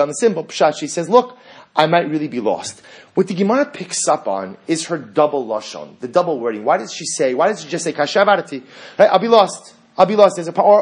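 A man teaching a Torah class, quoting Hebrew sources and translating them in a lively lecturing way. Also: on the high side, breathy edge. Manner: animated, quotes Hebrew texts and translates them.

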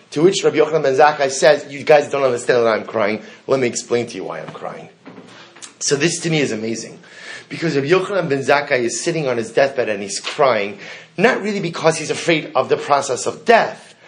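Animated man teaching a Talmud class. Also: medium pitch. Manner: animated, rhetorical questions, repeats phrases. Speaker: Torah teacher.

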